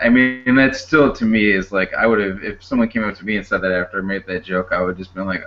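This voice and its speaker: A man's voice: on the low side, fairly even intonation, fast, few pauses, lo-fi sound. A man co-hosting a casual discussion podcast, rambling with many fillers and restarts. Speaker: podcast co-host.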